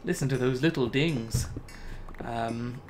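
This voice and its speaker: A man's voice: mid-range voice, takes it slowly, over music. A man giving casual Let's Play commentary, talking to himself and laughing at his own mistakes. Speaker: gaming YouTuber.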